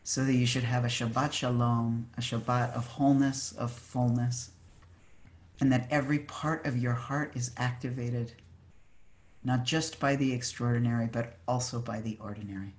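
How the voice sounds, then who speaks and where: A preacher giving a heartfelt Shabbat sermon over a video call, earnest and emphatic, sometimes pausing to search for words. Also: medium pitch, fairly even intonation. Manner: fervent, searching for words with fillers and restarts. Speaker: maggid, preacher.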